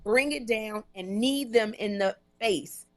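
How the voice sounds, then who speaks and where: A woman talk show host and comedian telling a story on a casual live stream from a hotel room. She talks in an animated, emphatic way and repeats words for emphasis. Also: fairly high pitch, slow pace, no echo.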